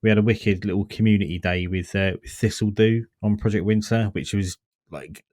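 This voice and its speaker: A man co-hosting a gaming podcast, telling animated, sweary stories in casual chat. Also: fairly low pitch, fairly quick, no echo, clean studio sound. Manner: animated storyteller, swears freely. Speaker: podcast co-host.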